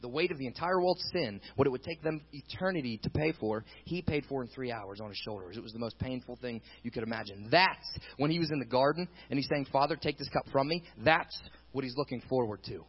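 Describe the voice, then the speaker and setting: A man preaching a sermon with dramatic swings between loud intensity and quiet emphasis. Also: medium pitch, animated, fairly quick, husky, lo-fi sound. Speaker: pastor.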